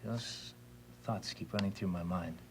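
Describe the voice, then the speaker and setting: An actor playing an earnest widower in a TV soap opera, speaking in a heartfelt, reflective way. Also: male voice, deep voice, a little slow, a little hiss or hum.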